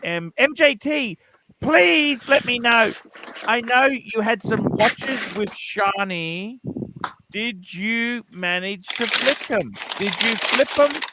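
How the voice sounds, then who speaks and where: A man hosting a casual livestream, teasing a caller with blunt, rapid-fire questions. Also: very high voice, animated, heavy background noise. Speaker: livestream host. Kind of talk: casual live-stream chat.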